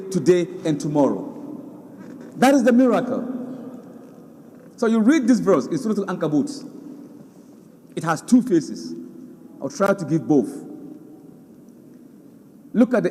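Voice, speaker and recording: A male preacher with a high, lively voice that swings widely in pitch. He delivers his sermon with animated emphasis, repeating words and reciting verses. His voice carries a long reverb from a large hall. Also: a little hiss or hum. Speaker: Islamic preacher.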